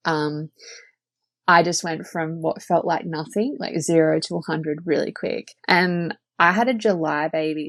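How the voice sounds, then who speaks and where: Gravelly low-voiced woman storyteller. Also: dry recording. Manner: chatty, frequent "like" fillers, earnest. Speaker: podcast guest sharing her birth story. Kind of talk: casual personal storytelling.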